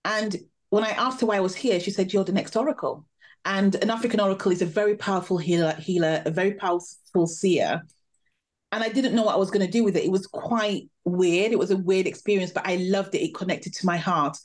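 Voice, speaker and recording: A woman, a podcast guest, telling a personal story in a lively, animated way. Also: medium pitch, fairly quick. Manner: animated, vivid storytelling with laughs. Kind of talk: storytelling interview.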